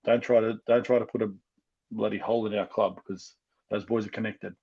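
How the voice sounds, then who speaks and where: An Australian man talks on a casual fan podcast, his husky voice full of passion as he gets worked up. The recording sounds dull and lo-fi. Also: on the low side, flat delivery, brisk, darkish tone. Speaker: podcast co-host, fan guest.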